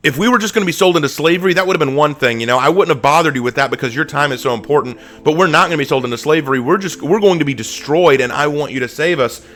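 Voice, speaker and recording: A man's voice: a little high, racing, hardly any pauses, fairly bright tone. A man teaching a Bible study dramatically, acting out scenes in voices.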